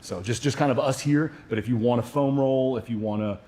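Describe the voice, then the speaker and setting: A man's voice: mid-range voice, brisk. Laid-back man coaching a workout stream. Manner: relaxed, loose, joking asides. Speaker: fitness coach hosting livestream. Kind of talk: casual explaining workout, answering chat.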